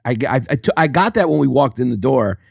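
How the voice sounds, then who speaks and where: A man trades crude jokes and deadpan asides in casual conversation. His voice is gravelly, and his pitch moves up and down a lot. The recording is dry and close. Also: brisk, dry recording. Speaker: podcast guest, comedian. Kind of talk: casual comedic chat.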